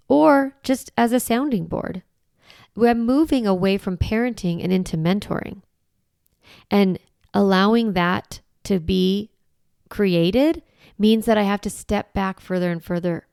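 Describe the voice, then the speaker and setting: A woman's voice: mid-range voice, unhurried, vocal fry, a little mellow, clean tone, no echo, clean studio sound. A woman in her forties hosting a solo podcast, talking in an earnest, reflective way with light laughs. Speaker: podcast host.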